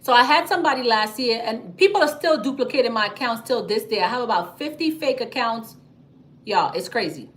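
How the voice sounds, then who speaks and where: Speaking fairly quickly in a somewhat high voice, a female business credit coach chats emphatically on her livestream while reading viewer comments. She addresses viewers directly, tells animated stories, and sprinkles in "okay?" and "y'all" often.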